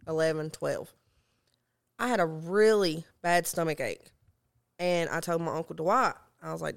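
A woman, telling funny stories as a guest in a casual chat, growing animated as she retells them. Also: gravelly. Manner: animated, rises high when retelling her own shouting.

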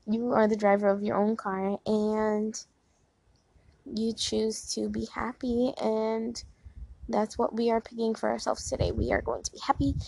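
Young woman with a gravelly, mellow voice. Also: fairly high pitch, no room sound, poor audio. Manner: rambling, heavy use of "like" and fillers. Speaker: vlogger leading affirmations. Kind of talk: casual chat and guided affirmations.

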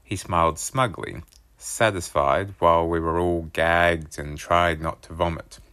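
A man reading a children's chapter book aloud, telling it in a lively first-person voice. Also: low-pitched, a little slow, smooth. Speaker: storybook reader.

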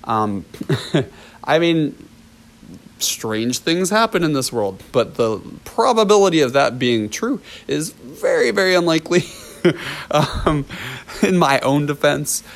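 A man's voice: on the high side, expressive, slow, gravelly. Chatty man telling a storytime. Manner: chatty storytelling with laughs, filler ums and restarts. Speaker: dance teacher. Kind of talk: storytime vlog.

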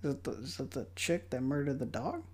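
A young man giving casual, profane commentary while watching a movie, mocking it and breaking into loud outbursts. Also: mid-range voice, big pitch swings, fairly quick, slightly rough.

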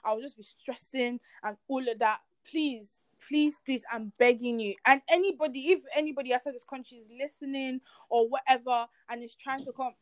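Lively young woman telling a story. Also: sits high, moderate pace, few pauses, no echo. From Nigeria. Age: young adult. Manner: lively storytelling, acting out quoted voices; earnest, preaching faith. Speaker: guest. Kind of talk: casual interview chat.

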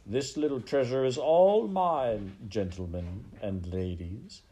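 A sly, purring rat from a storybook, as a male narrator puts him on. He talks in a hushed, gloating near-whisper, slow and low. His words are drawn out and full of quiet menace. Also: very animated, full character voice. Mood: silky.

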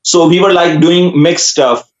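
A man with a Pakistani accent and Urdu as his first language talks through his answers in an earnest, halting way with plenty of fillers. His voice sits a touch high, and it sounds roomy and a little dull, like a lo-fi recording. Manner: earnest, hesitant with frequent uh fillers. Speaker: musician guest. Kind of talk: casual interview answers.

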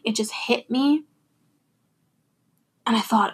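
A woman's voice: medium pitch, takes it slowly, pauses often, husky. A young adult woman talking candidly and thoughtfully about her feelings in a personal monologue, laughing now and then.

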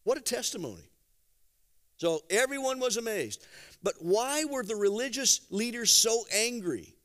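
A man preaching a sermon, telling stories conversationally with gentle humor and acting out quotes. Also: extremely high pitch, a little slow. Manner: animated storytelling with acted-out quotes. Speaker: pastor.

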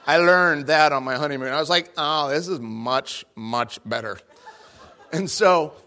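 Young male speaker, bright and forceful tone, lively jokey storyteller acting out dialogue for an audience. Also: a little high. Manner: animated, jokey, acts out his own lines. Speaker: guest speaker.

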